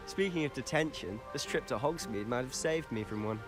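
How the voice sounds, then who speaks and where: A self-assured teenage wizard student from a fantasy video game, voiced by a man, well-spoken and wry, with a mid-pitched voice. Loud game music plays behind him. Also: expressive, fairly quick, close to an everyday voice. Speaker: student companion.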